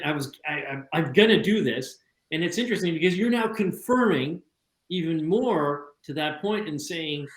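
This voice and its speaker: Fast-talking man host in a roomy space. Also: fairly high pitch, a bit bright. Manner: fast, repetitive restarts, chatty. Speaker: podcast host. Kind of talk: casual conversation.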